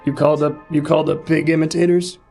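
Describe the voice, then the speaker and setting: A man performing improv comedy, teasing his scene partner with dry, deadpan questions. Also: fairly high pitch, quick pace, gravelly, soft background music.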